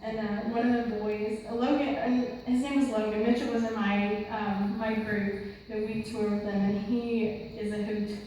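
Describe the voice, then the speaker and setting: A woman's voice: medium pitch, little pitch movement, moderate pace, hardly any pauses, dark tone, slight background noise. A woman of twenty giving a church testimony, earnest and rambling with many fillers, close to tears. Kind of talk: mission trip testimony. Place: large church sanctuary. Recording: echoey hall from far off.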